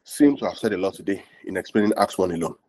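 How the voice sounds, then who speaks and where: Male preacher, sermon, lively swings in pitch, husky voice, repeats himself, quizzes the audience. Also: fast, no echo. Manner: animated, repeats himself and asks the audience questions.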